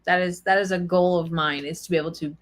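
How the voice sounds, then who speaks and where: A woman's voice: fairly low pitch, steady tone, fast talker, a little hiss or hum. Easygoing woman chatting on a stream. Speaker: co-host. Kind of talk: casual livestream chat.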